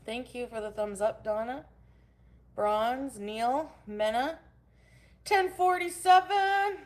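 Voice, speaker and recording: A woman's voice: fairly high pitch, fairly even intonation, slow, a little mellow. A woman hosting a casual livestream from home. She greets her chat viewers by name and goes on angry, profane rants. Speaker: livestream host.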